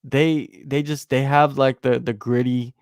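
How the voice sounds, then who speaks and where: Gravelly joking man on a podcast. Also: medium pitch, a little slow, no room sound, clean studio sound. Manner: animated, riffs on jokes, repeats himself for emphasis. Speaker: podcast co-host. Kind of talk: casual chat.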